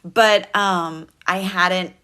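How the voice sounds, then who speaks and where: A woman's voice: on the low side, steady tone, extremely slow, pushed and bright, clear, resonant tone. A woman in her thirties chatting casually on a TikTok livestream, rambling and laughing often. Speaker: TikTok live streamer.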